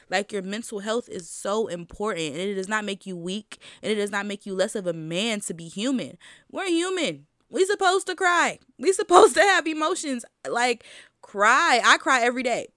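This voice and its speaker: A woman's voice: mid-range voice, dry recording, studio quality. A woman vlogger giving a casual, emphatic motivational talk, addressing her listeners directly in slangy speech and repeating her points for stress.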